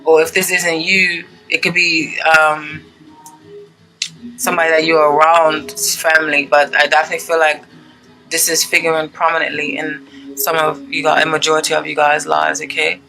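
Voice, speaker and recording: A tarot reader with a bright, forward voice talks casually to viewers, wanders through asides and keeps checking in with "okay?". Card meanings are read out in between. Faint music runs behind the voice. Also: medium pitch, little pitch movement, normal speed, creaky, low-quality recording. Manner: chatty, rambling, many "okay?" check-ins.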